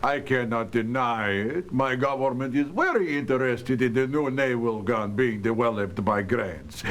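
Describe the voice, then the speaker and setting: An actor with a Russian accent playing a composed foreign diplomat who speaks formally and evasively in a period detective game. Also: male voice, mid-range voice, lightly acted. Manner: formal, measured, courteous.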